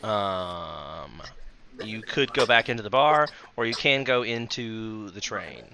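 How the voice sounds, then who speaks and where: A man's voice: on the low side, animated, slow pace, gravelly, over a noisy crowd. A man running a tabletop game as game master, laughing often and joking at himself. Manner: laughs often, restarts, self-mocking.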